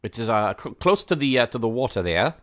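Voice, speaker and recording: A man's voice: medium pitch, very animated, quick pace. A man co-hosting a casual podcast, speaking hesitantly with many fillers and dropping in playful asides. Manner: hesitant, full of uh and you know, with playful asides. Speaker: podcast co-host.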